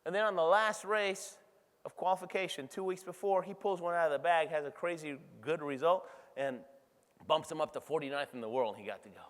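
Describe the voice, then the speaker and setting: A middle-aged man giving a motivational keynote speech, energetic and conversational, often checking in with the audience. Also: on the high side, brisk. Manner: energetic, conversational, frequent tag questions to the crowd. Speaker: keynote speaker. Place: large convention hall. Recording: reverberant convention hall sound.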